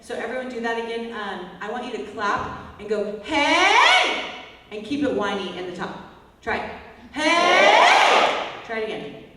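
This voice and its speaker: A woman vocal coach teaching a singing workshop, breaking into loud whiny and bratty exercise calls to demonstrate. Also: mid-range voice, brisk, background noise. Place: large echoey hall, workshop. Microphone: distant from the mic. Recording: echoey hall, voice from far off, faint music.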